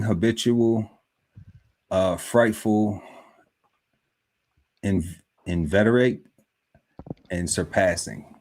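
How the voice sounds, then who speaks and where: This is a man with a very low voice who takes his time, unhurried and drawn out. He reads a list of words aloud on a relaxed podcast panel. He stops to muse over them and laughs along the way. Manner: slow, musing list-reading broken by laughter and asides. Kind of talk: casual podcast chat, reading word lists aloud.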